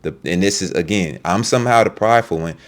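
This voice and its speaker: Deep-voiced man in a heated rant. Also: quick pace. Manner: heated, profane, repeats and restarts words. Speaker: online video creator. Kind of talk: ranting commentary video.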